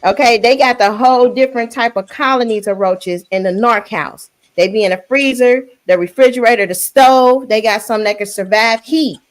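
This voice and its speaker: A woman's voice: a little high, moderate pace, few pauses. A woman hosting a casual panel chat, talking frankly and laughing often as she speaks.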